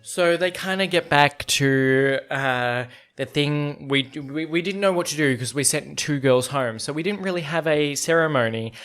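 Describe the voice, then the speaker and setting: A young man hosting a book club, chatting excitedly and rambling with lots of fillers and swearing, sometimes reading passages aloud. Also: on the high side, moderate pace, few pauses, clean tone. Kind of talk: casual reading reaction and read-aloud.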